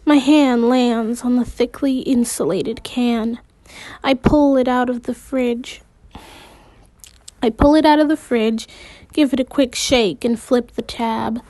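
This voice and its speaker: A woman reading a novel aloud in the first person, unhurried, with occasional slips and restarts. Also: a little high, fairly even intonation, dark tone, no room sound. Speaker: amateur audiobook reader.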